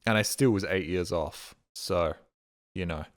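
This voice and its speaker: A man's voice: low voice, a little slow. A male streamer giving casual gaming commentary, thinking aloud, swearing freely and bragging.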